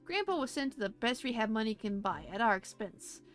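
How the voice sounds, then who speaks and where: A woman's voice: a little high, animated, a little fast, faint music behind, close to an everyday voice. A woman voicing a sarcastic nurse. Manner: dry, sarcastic.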